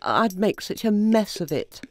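A woman's voice: medium pitch, very animated, measured pace, a little mellow, a little hiss or hum, voice pushed up. A woman doing a bubbly dancing doughnut girl. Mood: dejected. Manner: bubbly, eager, dramatic. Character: cheerful clumsy dancing female doughnut.

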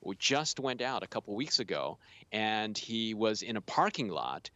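A middle-aged man, a college president, explaining in an earnest, measured way during an interview. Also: on the low side, sing-song, pushed and bright, dry recording, dull audio. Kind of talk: studio interview.

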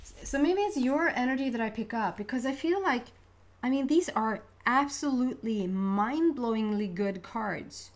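Doing a tarot reading, this young woman rambles in a casual, conversational way, quick to get excited and laugh, her words stumbling as her mind runs ahead. She speaks at a normal speed in a slightly high voice.

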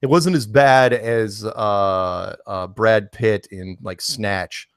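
A man's voice: fairly low pitch, slow, smooth. A man co-hosting a casual live-stream chat, rambling while he searches his screen. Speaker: co-host.

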